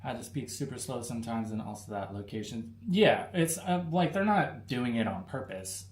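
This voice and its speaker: A man's voice: medium pitch, expressive, normal speed, a little hiss or hum. An American man hosting a live stream, answering chat questions in a laid-back, rambling way full of fillers. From United States. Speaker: livestream host answering chat. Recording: roomy with faint ambience.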